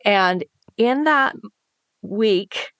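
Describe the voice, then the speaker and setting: A woman's voice: medium pitch, lively intonation, very slow, fairly bright tone, no echo, clean studio sound. A woman telling a painful personal story as an interview guest, earnest and emotional, acting out her past thoughts and the voices of others. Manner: earnest, emotional retelling with quoted inner thoughts.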